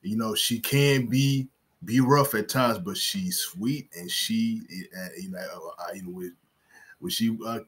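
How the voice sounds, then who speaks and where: Deep husky man, halting and filler-heavy. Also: fairly bright tone. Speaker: co-host, husband. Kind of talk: casual Bible discussion.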